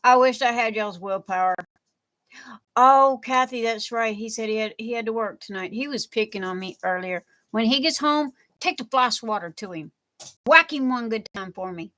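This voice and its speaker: Woman host, playful live-chat banter, bright tense tone, slightly high voice. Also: moderate pace. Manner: chatty and playful, with frequent laughs. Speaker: livestream crafting host. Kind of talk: casual live chat reading viewer comments. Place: home.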